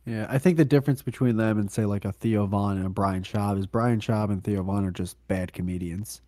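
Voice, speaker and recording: A man's voice: fairly low pitch, brisk, dry recording. Man co-hosting a podcast, dry close sound. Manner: loose, swearing, animated. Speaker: podcast co-host. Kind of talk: casual podcast chat.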